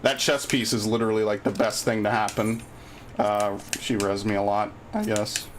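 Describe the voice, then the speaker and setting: A man's voice: fairly low pitch, steady tone, moderate pace, a little hiss or hum. A man live-streaming a video game, chatting casually and swearing often as he gets annoyed at the game. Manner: profane, easily annoyed, grumbling. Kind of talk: live gaming stream chat.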